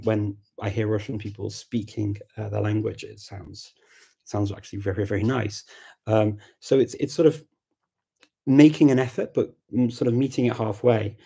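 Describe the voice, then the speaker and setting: Low husky man coaching language learners. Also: steady tone, normal speed. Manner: thoughtful and explanatory, reads out comments and reacts warmly. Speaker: language-learning coach hosting a live chat. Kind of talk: casual live-stream chat answering viewer questions.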